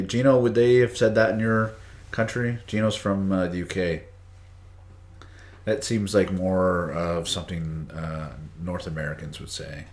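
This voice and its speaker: In an echoey room, a man with a low-pitched, slightly mellow voice teaches English idioms on a live stream. It's a casual lesson; he chats, greets viewers by name and reads the chat aloud.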